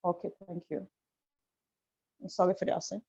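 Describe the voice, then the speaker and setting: A woman speaking as a panel guest over a video call, halting and apologetic as she shares a painful personal story. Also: on the low side, level tone, creaky, dark tone, husky. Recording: muffled lo-fi video call audio.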